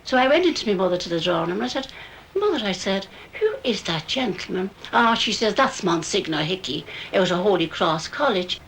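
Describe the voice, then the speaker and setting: An older woman, telling a memory in an animated way and acting out the voices. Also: medium pitch, a little fast, few pauses, slight background noise, low-quality recording. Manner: animated, acts out quotes. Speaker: local woman recalling. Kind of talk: storytelling reminiscence.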